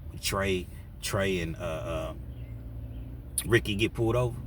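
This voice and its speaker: A man's voice: deep voice, measured pace, a little hiss or hum. A man telling a story in a casual, slangy way, acting out what people said. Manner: animated, slangy, acts out quotes.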